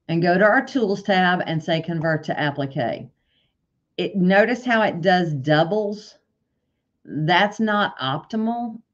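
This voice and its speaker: A woman walking through embroidery software step by step in a tutorial, stopping now and then to correct herself. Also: low voice. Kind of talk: screen-share software tutorial. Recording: dull lo-fi sound.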